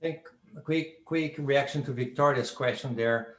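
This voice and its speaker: A man's voice: medium pitch, normal speed. A man on a university panel answers a question in an easy, conversational way, leaning on "you know" again and again. His voice sits in the middle of the range. The room gives it a noticeable echo. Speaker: faculty member. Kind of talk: panel discussion.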